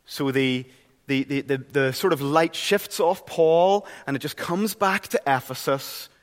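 A middle-aged Northern Irish preacher delivers an earnest, conversational sermon, often restarting his phrases. His voice sits a little high. The church hall adds a long, lingering reverb. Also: measured pace. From Northern Ireland.

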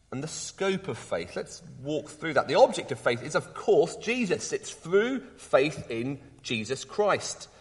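A middle-aged man preaches a sermon in an earnest, lively way, weaving in homely stories. His voice sits fairly high and swings widely in pitch as he presses his points. A long reverb from the hall trails behind every phrase. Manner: earnest, lively, with personal anecdotes and rising emphasis.

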